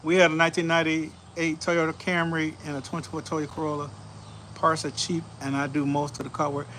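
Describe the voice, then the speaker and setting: A man hosting a casual show, telling stories in an animated, laughing, slangy way, outdoors on a back porch. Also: fairly high pitch, brisk, slight background noise. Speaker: show host. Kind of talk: casual storytelling chat.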